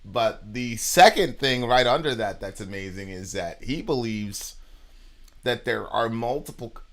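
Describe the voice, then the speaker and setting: A young man co-hosting a casual podcast conversation, talking in an animated way and repeating words as his thoughts pile up. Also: medium pitch, unhurried. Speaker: podcast co-host.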